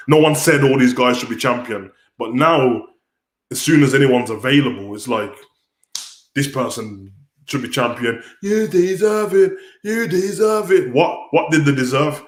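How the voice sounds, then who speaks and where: A man's voice: medium pitch, a bit bright. A man hosting a livestream, ranting bluntly and casually with many restarts. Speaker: wrestling commentator and livestream host. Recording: roomy echo.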